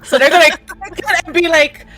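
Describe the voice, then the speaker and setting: A woman's voice: very high-pitched, fairly even intonation, a little fast, bright, forceful tone. A woman playing a tabletop game, giggly and chatty, saying "like" a lot. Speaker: player. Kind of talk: casual tabletop play.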